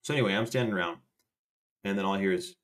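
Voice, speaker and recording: A man's voice: sits low, racing. A young man casually telling a rambling story to a live chat, swearing and restarting as he goes. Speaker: livestream host.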